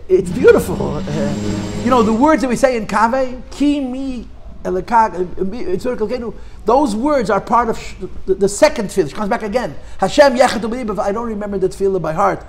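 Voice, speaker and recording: A man with a notably high voice gives a conversational Torah class. He leans hard on key points, throws out rhetorical questions, and circles back over his own words as he rephrases. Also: animated, a little fast, slight background noise.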